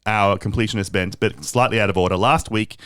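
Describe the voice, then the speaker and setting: A man's voice: fairly low pitch, fairly even intonation, brisk, fairly bright tone, clear, resonant tone, no echo, studio quality. A man co-hosting a horror podcast, teasing his friends in playful casual chat and opening the episode. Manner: playful ribbing, mock accents, jokey. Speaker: podcast co-host.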